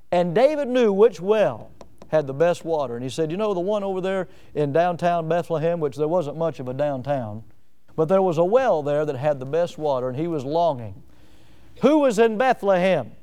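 A man's voice: on the high side, darkish tone, smooth. A man from Northwest Florida preaching a sermon, asking the congregation pointed rhetorical questions and building up emphasis. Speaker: pastor.

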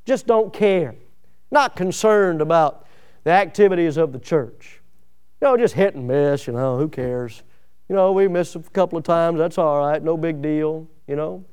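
A man preaches with a high, clear and resonant voice. He is animated and playful, slipping into the voices of biblical figures as he preaches. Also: normal speed. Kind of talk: sermon.

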